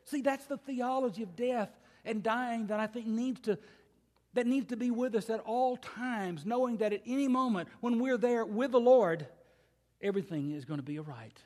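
An older man preaching a sermon, telling a folksy family story with slow, emphatic pauses. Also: very high voice, darkish tone. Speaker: pastor. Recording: long hall reverb.

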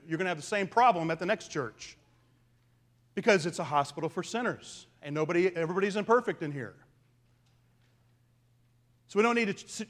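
A man delivering a sermon in a notably high voice. He speaks earnestly to his congregation, swinging between loud emphasis and hushed lines as he tells a story. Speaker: pastor.

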